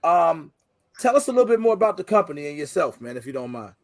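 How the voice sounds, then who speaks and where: A man's voice: on the high side, big pitch swings, quick pace. A man hosting a casual livestream chat, laid-back and joking, full of slang. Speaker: podcast host.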